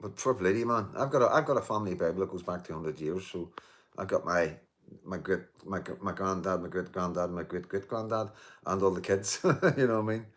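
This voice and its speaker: Man, 50s, low-ish voice, casual live-stream host; emphatic, repetitive, salty with commenters. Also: fairly quick. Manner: emphatic, repeats himself, many restarts and "you know"; swears and jokes with commenters. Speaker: livestream host reading viewer comments.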